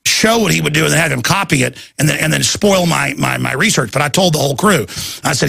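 A man hosting a talk radio show, ranting in an intense, rapid-fire, urgent way. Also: on the high side, gravelly, sharp tone, husky, dry recording, studio quality.

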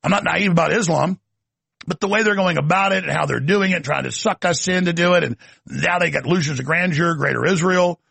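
A man's voice: on the high side, brisk, creaky, sharp tone, husky, dry recording. A man hosting a political talk show, delivering an emphatic, ranting monologue with sardonic asides.

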